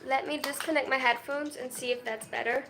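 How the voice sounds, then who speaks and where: A woman's voice: high-pitched, fairly even intonation, brisk, sharp tone. A 22-year-old woman from Germany, live-streaming at home and reading viewer comments aloud. She talks in a shy, self-conscious way, with hesitant restarts and nervous laughs.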